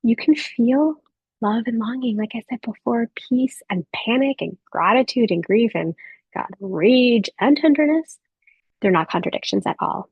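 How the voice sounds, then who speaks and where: A woman in her thirties giving a gentle motivational talk to a live audience of mothers, speaking softly with reflective pauses. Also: fairly high pitch, lively intonation, vocal fry, slightly rough, dry recording, highs cut off. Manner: soft, warm encouraging delivery with reflective pauses.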